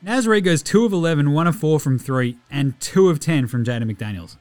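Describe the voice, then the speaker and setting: A man hosts a casual basketball podcast, running fast through stats and swearing freely. His voice sits a touch high, and the recording is dry and close. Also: animated, a little mellow, no room sound, faint music behind. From Australia. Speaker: podcast host. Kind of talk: casual sports recap.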